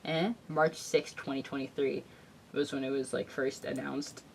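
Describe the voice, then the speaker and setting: A woman's voice: rumbling low, level tone, moderate pace, vocal fry, recorded from a distance, a little hiss or hum. A woman co-hosting a casual podcast, rambling through her thoughts with lots of filler words and frequent giggles. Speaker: podcast co-host. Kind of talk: casual chat.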